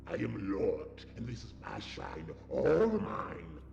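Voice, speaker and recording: A jealous shrine keeper from an old video game, growling low with a thick gravelly rasp. His slow lines swoop widely up and down, and the audio sounds dull and lo-fi. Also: huge pitch swings, a little mellow, faint music behind, heavily acted. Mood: possessive. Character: possessive male shrine keeper, hostile to intruders.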